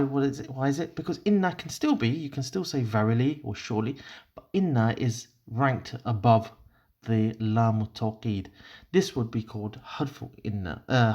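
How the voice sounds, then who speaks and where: A man's voice: mid-range voice, a little mellow, muffled recording. A man teaching Arabic grammar, explaining step by step while he writes, with many fillers, restarts and apologies.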